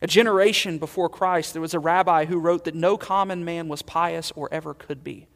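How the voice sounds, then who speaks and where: A man preaching a sermon as pastor, earnest, swelling loud and then dropping to quiet emphasis. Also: on the high side, steady tone, brisk, gravelly, big-room sound.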